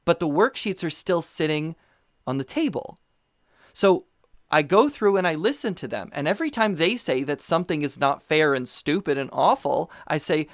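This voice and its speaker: A person chatting casually over a remote call, telling animated stories with many fillers and restarts. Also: mid-range voice, normal speed, no echo, clean studio sound. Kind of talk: casual conversational chat. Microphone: remote call mic.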